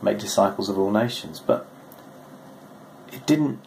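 A male pastor giving a short, gentle, conversational devotional, reading scripture aloud. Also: on the low side, unhurried, creaky, a little hiss or hum, low-quality recording.

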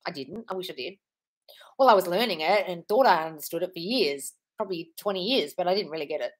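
A woman's voice: fairly low pitch, lively intonation, fast, breathy edge. Forties woman coach on a livestream, swears a lot, says darling constantly, super blunt. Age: 40s. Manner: blunt, swears freely, calls listeners darling. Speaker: manifestation coach. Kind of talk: live-stream Q&A reading viewer comments.

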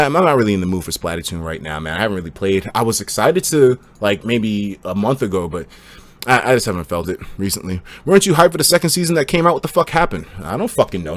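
A young man livestreaming and reading chat, slangy and profane, swinging between hyped outbursts and low mumbling. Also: sing-song, fast talker.

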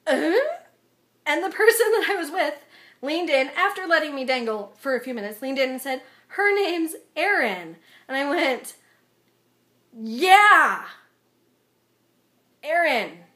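A young woman talks straight to her viewers in a very high, light voice. She tells an awkward story with lively, self-mocking energy and acts out every line of dialogue in it. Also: normal speed. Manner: animated, self-deprecating, acts out quotes. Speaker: vlogger. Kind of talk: casual storytelling vlog.

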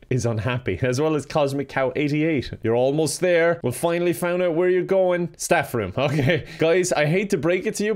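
A man's voice: medium pitch, a little mellow. A young man giving comedic, sarcastic commentary while playing a video game, often breaking into laughter. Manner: sarcastic, giggly, mock-outraged. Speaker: gaming YouTuber. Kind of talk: comedic let's-play commentary.

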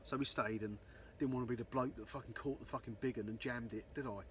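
A man's voice: medium pitch, fairly even intonation, quick pace, a little hiss or hum. A man telling a rambling fishing story, swearing constantly and saying "um, so anyway" a lot. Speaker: angler vlogger. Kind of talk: casual storytelling.

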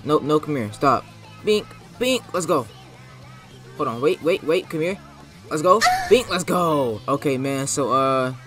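A young man giving slangy, excitable gameplay commentary, trash-talking opponents and repeating short catchphrases. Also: mid-range voice. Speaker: gaming YouTuber.

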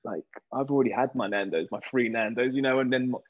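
A British man in his thirties, a guest actor in a casual interview, telling lively stories and acting out what people said. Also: medium pitch, fast, phone-quality sound. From Britain. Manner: lively storyteller who acts out quoted voices.

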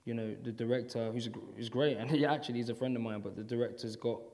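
A man, chatting with a host in front of a live audience, animated and acting out the voices in his stories. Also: medium pitch, quick pace. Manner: animated storyteller, acts out quotes, laughs often. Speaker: actor and filmmaker, festival guest. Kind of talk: casual live-audience conversation. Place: festival event hall. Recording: reverberant hall.

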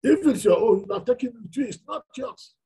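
A man's voice: very high voice, lively intonation, quick pace, mellow, husky, low-quality recording. A man with a Nigerian accent preaching a sermon, emphatic and full of rhetorical questions.

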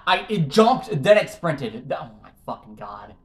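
A young gaming YouTuber does let's-play commentary on his own gameplay, swearing at the game in frustration as he keeps missing jumps. His voice sits on the high side, very animated and a little slow.

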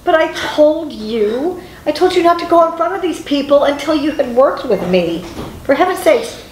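A woman's voice: high voice, lively intonation, slight background noise. An actress playing a frazzled, foul-mouthed acting teacher who scolds her students in exasperated bursts. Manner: exasperated, scolding, rapid-fire. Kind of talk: scripted comedy scene. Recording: echoey room.

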